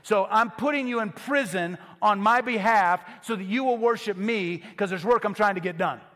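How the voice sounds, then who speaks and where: A preacher voicing God, chatty and casual. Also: male voice, sits high, moderate pace, a bit bright, long reverb tail. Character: God speaking casually, male, confident, purposeful.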